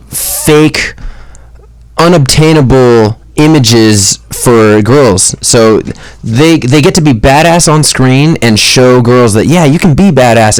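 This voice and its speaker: A young man talks about films with lively enthusiasm, his voice at an ordinary middle pitch. He rambles and restarts as he goes. The sound is dry and close to the mic. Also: no echo. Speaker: podcast co-host. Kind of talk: casual movie chat.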